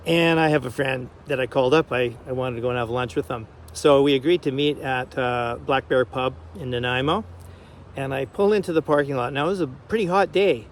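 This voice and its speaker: An older man vlogging casually, retelling a personal story in a chatty, animated way. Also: medium pitch, slight background noise.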